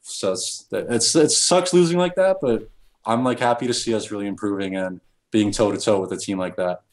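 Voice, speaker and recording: A man's voice: lowish voice, normal speed. A man answering interview questions as a professional gamer, hesitant and full of restarts.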